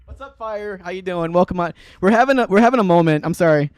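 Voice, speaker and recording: A man in his thirties chatting casually on a livestream as a bass-playing host, rambling with lots of fillers and frequent laughter. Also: animated, fast, smooth, no room sound. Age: 30s.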